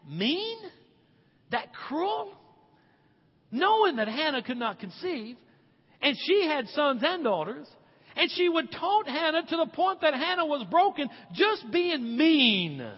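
A man preaches with a very high, husky voice that rises and falls in lively swings. He stretches out key words for emphasis. The sound is dull and carries a long reverb from a large hall. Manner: animated, emphatic, slows for stress. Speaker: pastor. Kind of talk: sermon.

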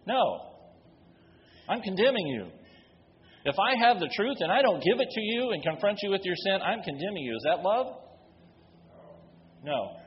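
A man's voice: high-pitched, very animated, moderate pace, pauses often. A man preaching a sermon from the pulpit, building force with emphatic rhetorical questions. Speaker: pastor. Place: church sanctuary. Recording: dull recording with long hall reverb.

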